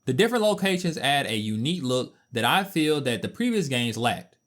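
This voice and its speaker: A man narrating a scripted game review voice-over, animated and playful, with mock-outraged asides. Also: medium pitch, fairly quick.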